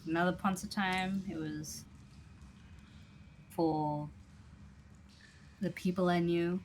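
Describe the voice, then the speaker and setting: A woman's voice: fairly low pitch, steady tone, slow pace, darkish tone, slight background noise. A woman playing a weary clawed stranger. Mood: guarded. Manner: guarded, wry, world-weary. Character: weary mysterious cloaked clawed male stranger.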